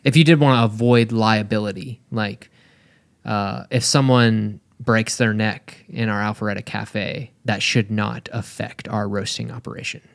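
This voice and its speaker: A man's voice: lowish voice, fairly even intonation, measured pace, vocal fry. A man co-hosting a casual podcast, losing his voice and rambling loosely with lots of fillers. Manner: laid-back, rambling with fillers. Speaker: podcast co-host. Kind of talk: casual chat.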